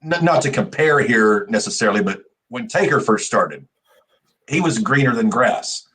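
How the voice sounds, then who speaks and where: A man co-hosting a wrestling podcast, talking casually in halting starts and repeated words. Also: medium pitch, animated, fairly bright tone. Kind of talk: casual chat.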